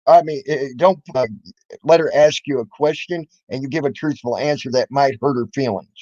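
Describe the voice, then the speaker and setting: Medium in pitch and mellow, this man's voice moves at a moderate pace on a dry, dull lo-fi recording. He's a YouTube commentator delivering an angry, profane rant that confronts and mocks others.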